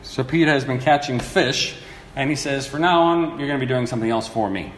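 A man delivers a sermon in an echoey hall with a long reverb tail. His pitch sits in the middle range, and his delivery is earnest and animated. He voices the figures he quotes, with faint room ambience behind him. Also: fairly quick, a little hiss or hum. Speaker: preacher.

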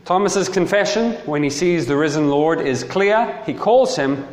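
Guy preaching a sermon, pitch jumping all over, big echoey hall sound. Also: measured pace. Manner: lively, emphatic, with short laughs. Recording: echoey hall with long reverb.

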